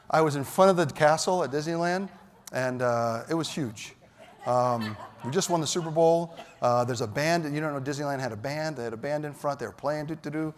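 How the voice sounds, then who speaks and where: Male keynote speaker, lively storyteller, high-ish voice, long reverb of a big hall. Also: a little hiss or hum. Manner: animated, shouts punchlines. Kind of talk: storytelling speech. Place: large hall.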